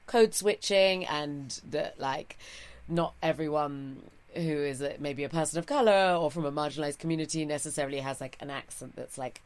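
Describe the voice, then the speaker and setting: This English comedian, a woman in her 30s with a posh RP accent, has a deep voice and talks at a normal speed. After her stand-up set she settles into a relaxed interview as a guest, keeping a dry, self-deprecating tone.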